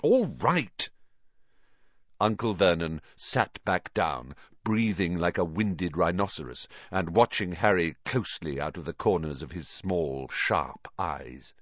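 A man reading a children's novel aloud as an audiobook narrator, with an expressive storytelling delivery. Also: deep voice, unhurried, hardly any pauses, dry recording, dull audio. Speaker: audiobook reader.

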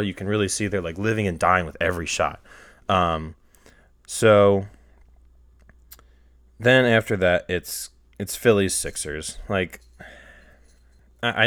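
A young man hosting a solo podcast, rambling in casual chat and getting heated, sometimes close to yelling. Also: low-pitched, dry recording. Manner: rambling, heated, rises to near-yelling when retelling anger. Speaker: podcast host.

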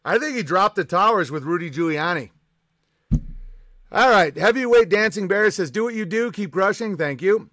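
A man hosts a live stream with a ranting, profane edge, his voice sitting a little higher than most men's. He sounds sarcastic and combative as he works through the chat. The sound is close and dry, with almost no room around it. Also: animated, moderate pace, a bit bright, dry recording.

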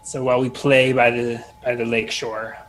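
A man's voice: mid-range voice, little pitch movement, normal speed, a bit bright, rough recording. A man playing a tabletop game, joking around and laughing often. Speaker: player.

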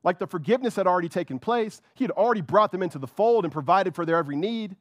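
A man's voice: sits high, expressive, very fast, no room sound, clean studio sound. A man preaching a sermon with fervor, repeating words and often checking in with "right?". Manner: fervent, repeats words, keeps asking "right?".

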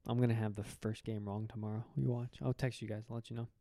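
A man's voice: fairly low pitch, little pitch movement, quick pace, mellow, no room sound, clean studio sound. A man co-hosting a podcast, joking and teasing his friends in casual sports banter. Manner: playful, teasing. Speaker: podcast co-host. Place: indoor podcast studio.

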